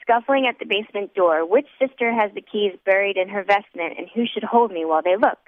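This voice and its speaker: A woman's voice: medium pitch, a little fast, no room sound. Woman reading an audiobook, thin phone-like sound. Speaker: audiobook narrator. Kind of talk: first-person audiobook narration. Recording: dry, tinny phone-like sound.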